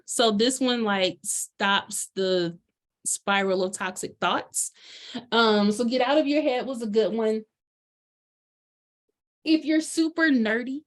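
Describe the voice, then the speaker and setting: Woman, chatty, bubbly, filler-heavy, casual coaching talk. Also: on the high side. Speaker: life coach presenter. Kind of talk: casual presentation chat.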